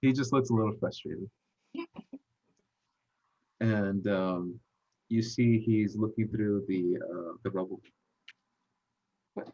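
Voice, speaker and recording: A low-voiced man running a tabletop game as game master. He narrates in a halting way, with pauses and fillers between phrases. The recording sounds dull and lo-fi. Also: a little mellow.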